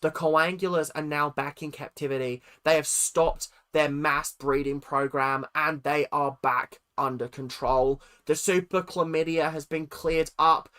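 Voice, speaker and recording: A man's voice: fairly high pitch, fairly even intonation, unhurried, hardly any pauses, pushed and bright, smooth. A man voicing an enthusiastic male wildlife presenter in a put-on Australian accent, giving an earnest, boastful speech.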